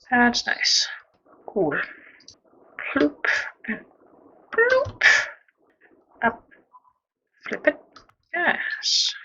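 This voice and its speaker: Playful gravelly-voiced woman muttering while building. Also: fairly high pitch, bright, forceful tone, muffled recording, a little hiss or hum. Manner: chatty, playful sound effects, mutters half-whispered asides. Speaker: gameplay streamer building a zoo. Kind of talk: casual commentary while playing.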